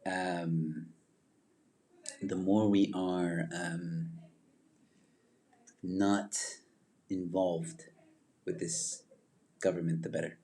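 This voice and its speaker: A man with a deep voice hosts a casual livestream, chatting loosely with viewers. He rambles, trails off and restarts, filling gaps with lots of ums. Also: level tone, extremely slow, pauses often, dark tone. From Zimbabwe. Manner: rambling, many fillers and restarts. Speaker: livestream host. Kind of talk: casual livestream chat reading viewer comments.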